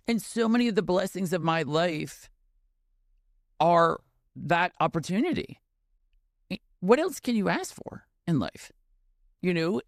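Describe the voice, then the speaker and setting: A man's voice: high-pitched, no echo, clean studio sound. Tearful man telling a heartfelt story. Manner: tearful, heartfelt, with many fillers. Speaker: podcast guest. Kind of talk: emotional conversational storytelling.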